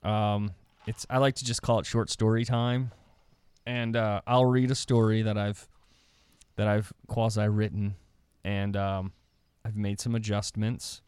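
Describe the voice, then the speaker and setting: A man's voice: on the low side, flat delivery, unhurried, darkish tone, clean tone, dry recording. A man co-hosting a podcast, reading a silly short story aloud like an audiobook in a casual joking way. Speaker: podcast host. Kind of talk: comic storytelling.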